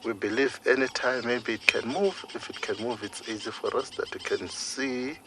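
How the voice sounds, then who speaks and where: A man working as a field guide, explaining a sighting in a measured, hesitant way during a live safari broadcast outdoors. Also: mid-range voice, background noise. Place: outdoors on a game drive.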